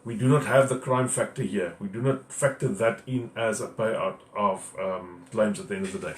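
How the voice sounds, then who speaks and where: A man's voice: lowish voice, steady tone, moderate pace, slight background noise. A man, a financial adviser giving plainspoken, direct advice and answering viewer questions in a live talk. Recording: roomy echo.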